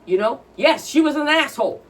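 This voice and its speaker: A woman's voice: sits high, lively intonation, a little fast. A woman co-hosting a podcast, telling stories in a blunt, profane, ranting casual chat. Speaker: podcast co-host. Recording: distant from the mic.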